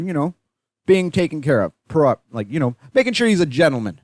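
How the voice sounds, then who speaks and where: A man's voice: a little high, moderate pace, no echo. A young Canadian man hosting a podcast, telling stories in a profane, rambling, casual monologue. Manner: profane, rambling, animated when retelling. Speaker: podcast host.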